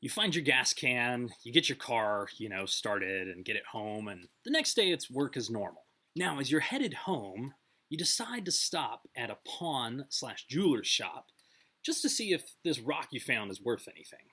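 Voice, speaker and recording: Lively, husky-voiced man telling a story. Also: mid-range voice, normal speed. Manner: conversational, many fillers and restarts. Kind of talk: casual storytelling.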